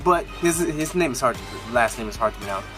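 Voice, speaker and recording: A man giving a casual, rambling movie review vlog, with lots of restarts and a voice that jumps up high when he gets worked up. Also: animated, brisk, fairly bright tone, faint music behind.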